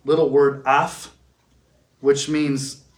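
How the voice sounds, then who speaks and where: Male lecturer, middle pitch, roomy echo, asks and answers his own questions, slow emphatic stress. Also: level tone. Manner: asks questions, then answers them himself; stresses key words slowly and emphatically. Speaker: teacher. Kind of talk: classroom theology lecture. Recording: echoey room.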